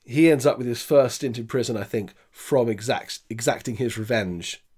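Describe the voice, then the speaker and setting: A man co-hosting a casual film review chat, speaking hesitantly with many fillers and giving measured verdicts. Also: mid-range voice, darkish tone, breathy edge. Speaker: podcast co-host.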